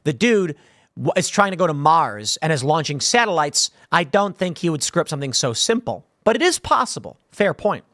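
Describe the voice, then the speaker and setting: A man's voice: on the high side, sing-song, normal speed, fairly bright tone, dry recording, clean studio sound. A man, giving opinionated news commentary with combative, sarcastic asides.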